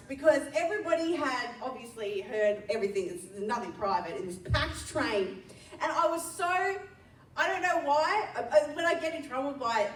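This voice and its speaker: Young woman preacher, chatty and self-deprecating, slightly high voice, echoey hall, mic a little distant. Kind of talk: sermon with a personal story. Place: church hall.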